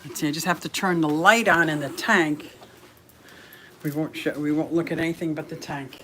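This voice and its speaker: Her voice is low-pitched, steady and fairly bright, at a normal speed, with a little hiss or hum in the recording. This fish keeping channel host walks around her house and yard for a casual home tour vlog, chatting and giggling with her pets and viewers about her fish and animals.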